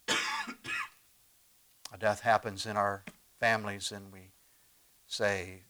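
A man preaching a sermon as pastor, conversational and animated, with sudden swings between loud emphasis and quiet asides and frequent rhetorical questions. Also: fairly low pitch, slow pace, pauses often. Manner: animated preaching with big swings in loudness and pace.

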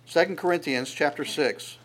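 A man preaching a sermon, lively and conversational, often stammering on repeated words and acting out quoted voices. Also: fairly high pitch, moderate pace. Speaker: pastor.

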